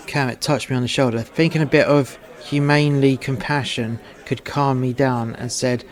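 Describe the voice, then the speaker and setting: A man's voice: medium pitch, fairly even intonation, brisk. Man, first-person storyteller, foul-mouthed, confrontational. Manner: blunt, profane, confrontational. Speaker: narrator.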